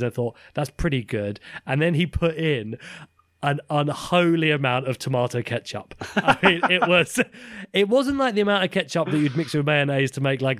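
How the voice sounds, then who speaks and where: A man's voice: fairly high pitch, a bit bright, dry recording, clean studio sound. A British man in his thirties co-hosting a podcast, chatting casually and laughing often at his own jokes. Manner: laughs often, self-deprecating. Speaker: podcast co-host. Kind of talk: casual chat.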